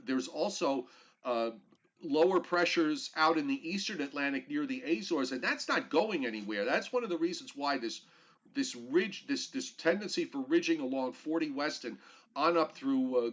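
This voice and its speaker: A man's voice: mid-range voice, fairly bright tone. A man hosts a casual weather talk show, wandering through his points with plenty of "uh"s and a dry joking streak. His voice sits in an ordinary middle range, heard through slightly muffled, lo-fi audio. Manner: joking, rambling with many fillers.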